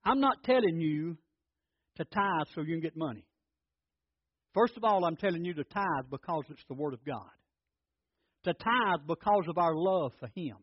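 A man's voice: on the high side, animated, normal speed, pauses often, slightly rough, dry recording, dull audio. A man preaching a sermon as pastor, telling folksy stories and often repeating his words.

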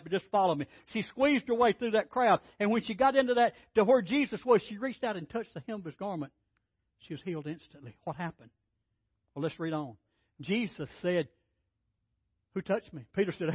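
A man preaching a sermon in a high voice, swinging from loud emphatic bursts to hushed lines as he acts out scripture. The sound is dry and somewhat dull, like a low-fidelity church recording. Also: husky, no room sound. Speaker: pastor.

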